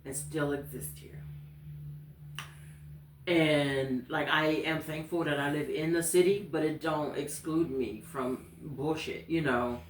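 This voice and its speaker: A woman's voice: deep voice, steady tone, slow pace. A woman chats casually as a guest, her thoughts trailing off and circling back with "you know". The recording picks up a roomy living-room echo with a faint hum behind her. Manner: loose, trailing-off speech with frequent "you know". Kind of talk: casual conversation.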